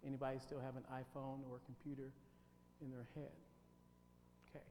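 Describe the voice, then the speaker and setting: A man's voice: medium pitch, level tone, brisk, warm tone. A man leading a team-building workshop, talking with emphasis and quizzing his audience. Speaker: workshop leader. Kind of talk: interactive workshop talk. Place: church hall. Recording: long hall reverb, faint hum.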